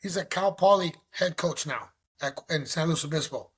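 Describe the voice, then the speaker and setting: A man telling a story as a podcast guest, animated and slangy. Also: on the high side, moderate pace, slightly rough. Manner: animated, slangy, acts out quotes. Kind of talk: casual storytelling.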